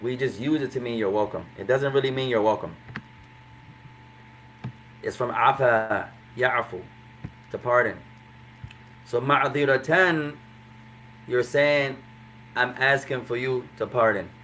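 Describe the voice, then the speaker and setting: A man teaching an Arabic class in English, explaining phrases slowly and repeating them. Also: mid-range voice, a bit bright, slight background noise. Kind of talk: classroom lesson.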